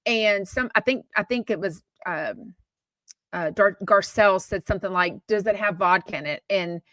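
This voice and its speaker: A woman's voice: mid-range voice, a bit bright, dry recording. A woman from Texas, hosting a podcast in a blunt, chatty, opinionated way with casual swearing. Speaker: podcast host. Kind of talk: casual gossip commentary.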